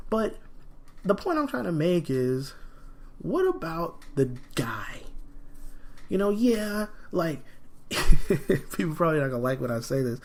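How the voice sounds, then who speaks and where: A man hosting a solo podcast in a rambling, animated way, sniffling from a cold. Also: a little high. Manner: rambling and animated, frequent fillers. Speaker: podcast host. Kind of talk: casual solo podcast talk.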